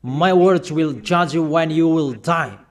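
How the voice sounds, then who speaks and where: A man with a rather high-pitched voice delivers a stern sermon. He admonishes his listeners emphatically, pausing between phrases and pressing them with rhetorical questions. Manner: admonishing, emphatic, slow deliberate phrasing with pauses. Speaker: preacher.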